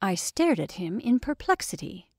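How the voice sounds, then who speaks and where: A woman storyteller reading a classic tale aloud in a measured, expressive way. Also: medium pitch, husky, no echo, clean studio sound. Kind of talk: scripted narration of a classic story.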